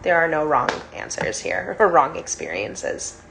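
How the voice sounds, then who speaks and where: A young woman with a low, sing-song voice, a little slow, creaky and slightly bright, guides a casual breathwork lesson on a live stream as a chakra teacher. A faint hiss or hum sits under her bubbly, giggly talk, packed with "like."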